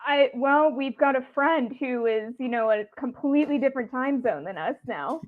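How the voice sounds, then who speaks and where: A woman's voice: high voice, animated, moderate pace. A woman co-hosting a live stream, giving brief, easygoing replies. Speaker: co-host. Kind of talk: casual live stream chat. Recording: tinny phone-like line with noise.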